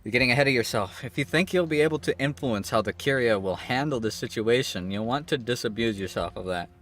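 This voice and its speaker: A man's voice: medium pitch, fast, a bit bright, lightly acted. A man reading the lines of a prickly female knight from a story game in a curt, stern tone. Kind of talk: reading game dialogue aloud.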